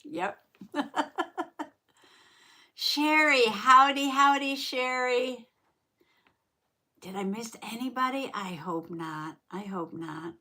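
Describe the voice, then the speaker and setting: A woman runs a casual craft livestream, saying howdy and reading chat comments aloud, chatty, quick to laugh, and prone to repeating herself. Her mid-range voice is bright and forceful, and allergies keep making her clear her throat.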